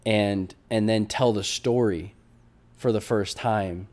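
A man's voice: lowish voice, fairly even intonation, slow pace, a little mellow. A man co-hosting a casual chat, telling a long story with many false starts and asides.

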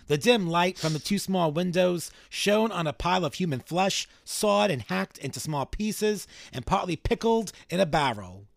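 A man co-hosting a podcast reads an old account aloud and breaks in with blunt, casual questions. His voice sits a little high for a man, and the close mic sounds dry. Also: animated, moderate pace, gravelly, few pauses, no echo. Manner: reacts with laughs and blunt questions. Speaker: podcast co-host. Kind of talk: casual chat and reading aloud.

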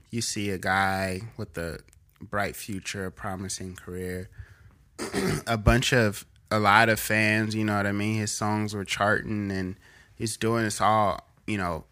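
A man's voice: lowish voice, a bit bright. A young man co-hosting a casual podcast chat, reflective and rambling, circling back on his own phrases. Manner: rambling, many fillers and restarts, reflective. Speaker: podcast co-host.

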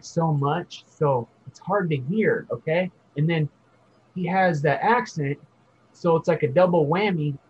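A man's voice: fairly high pitch, slightly rough. A man casually telling a rambling story, laid-back and swearing freely. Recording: dull lo-fi audio.

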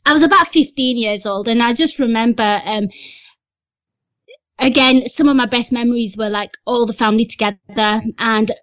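A woman's voice: a little high, moderate pace, a bit bright, no echo. A woman, a podcast guest, telling a family story in a chatty, self-deprecating way. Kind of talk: casual chat. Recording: dry, slightly dull lo-fi sound.

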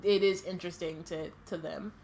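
A woman's voice: on the low side, steady tone, normal speed, darkish tone, a little hiss or hum. Casual chatty woman reading aloud. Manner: reads plainly, then chats with many fillers and laughs. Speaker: podcast co-host reading a book aloud. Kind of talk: casual read-aloud with chat.

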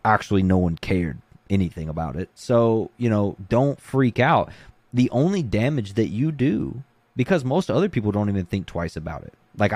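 A man's voice: on the low side, dry recording. A man who coaches jiu-jitsu, talking casually in an interview with lots of "you know" and "like". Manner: relaxed, conversational, many fillers like "you know".

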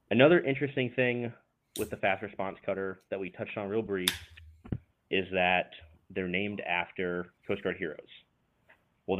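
A man talking as a podcast guest in an earnest, measured way. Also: on the low side. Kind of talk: casual chat and prepared explanation. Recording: tinny phone line.

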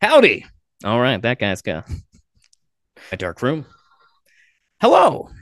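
A man's voice: on the low side, measured pace, fairly bright tone, no room sound, studio quality. A man hosting a podcast, chatting with strangers on a video call and telling jokes with lots of fillers. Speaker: podcast host. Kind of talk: casual video chat with strangers.

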